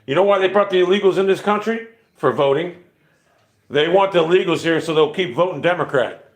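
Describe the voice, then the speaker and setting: A man's voice: sits high, a little fast. Profane rambling man in his fifties. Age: 50s. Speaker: livestream host. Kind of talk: casual livestream chat.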